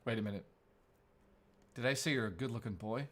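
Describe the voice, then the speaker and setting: Over loud music, a livestream host with a mid-range voice talks briskly. He banters casually with his viewers in an animated, playful way, trading crude jokes with the chat.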